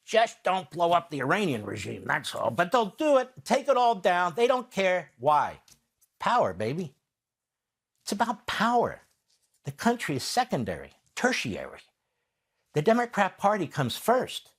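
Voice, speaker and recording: A man's voice: fairly high pitch, huge pitch swings, moderate pace. A man delivering a combative political commentary monologue as a host, firing off rhetorical questions and answering them himself, with sarcastic asides mimicking his opponents.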